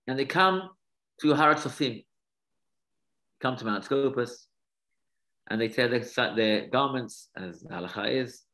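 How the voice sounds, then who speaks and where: Man teaching a lively study class. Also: mid-range voice, low-quality recording. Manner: animated storyteller, explains terms as he goes. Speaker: Torah teacher.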